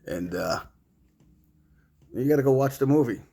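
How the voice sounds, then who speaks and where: A man's voice: mid-range voice, animated, normal speed, creaky, warm tone, husky. A middle-aged man rambling at home, swearing and confronting an absent rival in a long monologue. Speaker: vlogger.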